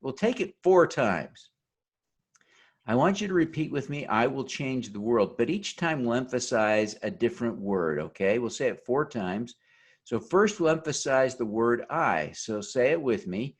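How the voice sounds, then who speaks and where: A man's voice: mid-range voice, very animated, moderate pace, slightly rough. A man giving a motivational conference talk over a video call, earnest and leading the audience in an oath. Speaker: keynote speaker.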